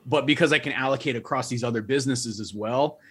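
A man's voice: medium pitch, fast talker, fairly bright tone, breathy edge. Man explaining his farm business. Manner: thoughtful, explanatory, with restarts. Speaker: guest farmer. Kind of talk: interview answers.

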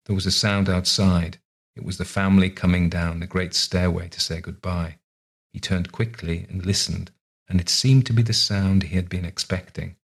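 A man with a deep, husky voice reads a story aloud. His narration is calm and measured, taking time over each scene. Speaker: reader. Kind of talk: scripted narration.

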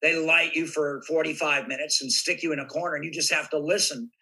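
A man telling animated stories in a casual interview, acting out bits of dialogue as he goes. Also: a little high, brisk, breathy edge, rough recording. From United States. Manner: animated raconteur, acts out voices in anecdotes. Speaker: guest actor. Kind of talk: casual interview chat, storytelling.

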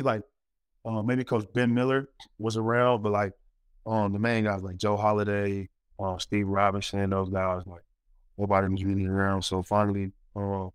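A man's voice: fairly low pitch, clear, resonant tone, no room sound. A man in his forties, a former college basketball player, telling stories in a casual interview with lots of fillers and acted-out quotes. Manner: animated storyteller, many fillers, acts out quotes.

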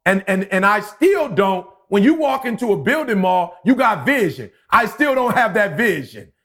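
A man in his forties on a casual podcast, telling a story with lively acted-out quotes. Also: high voice, normal speed. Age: 40s. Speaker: podcast co-host.

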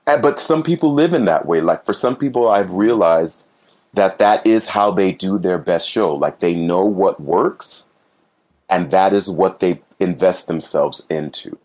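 A man's voice: low-pitched, measured pace, darkish tone. A man, a stage actor, talking earnestly and reflectively about his work in a casual interview. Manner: earnest, reflective, acts out little voices when telling stories. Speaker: Broadway actor guest.

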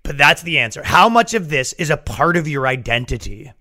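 A man hosting a podcast, riffing in a profane, animated comedic rant. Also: on the high side, a little fast. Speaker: podcast host.

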